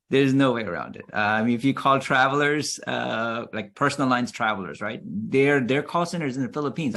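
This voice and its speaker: A man speaking as a guest on a webinar panel, animated, laughing often and repeating his points. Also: mid-range voice.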